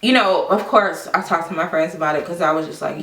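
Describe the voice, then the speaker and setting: A woman vlogger casually telling a personal story to the camera, quoting people with lively, exaggerated voices. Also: low-pitched, brisk, vocal fry. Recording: echoey room, mic at a distance.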